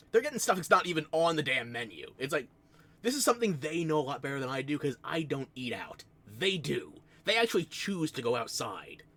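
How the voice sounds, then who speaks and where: An American man with a New Jersey accent rambles through casual stream chat, his pitch swinging up and down in a lively way. He tells self-mocking stories into a desk microphone and keeps breaking into laughs. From United States.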